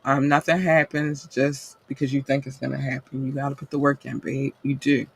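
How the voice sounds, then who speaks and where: Husky man giving a profane pep talk. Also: medium pitch, little pitch movement, normal speed. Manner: calls listeners babe and baby. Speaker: podcast host. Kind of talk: casual motivational monologue.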